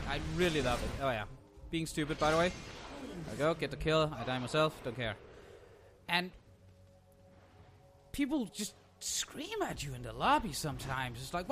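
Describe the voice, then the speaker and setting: A man's voice: fairly high pitch, a bit bright. Sarcastic young man ranting over gameplay. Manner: sarcastic, ranting, swears freely. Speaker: gameplay commentator. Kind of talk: casual game commentary.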